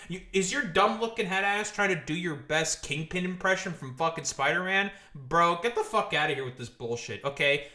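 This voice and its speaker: A man hosting a live stream, mocking and cursing his way through a rant. His voice rings bright and slightly high, and the room gives it a noticeable echo. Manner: mocking, profane, laughs a lot.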